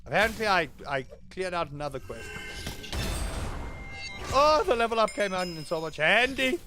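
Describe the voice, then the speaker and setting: High-voiced excitable young man gaming. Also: moderate pace, music in the background. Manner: excitable, yelling and swearing at enemies. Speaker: gaming channel host. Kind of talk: let's play commentary.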